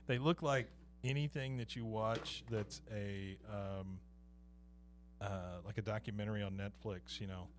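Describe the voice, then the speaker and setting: A man's voice: on the low side, steady tone, measured pace, noisy background. A man hosting a casual chat, joking and laid-back, often breaking into laughter. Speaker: podcast host.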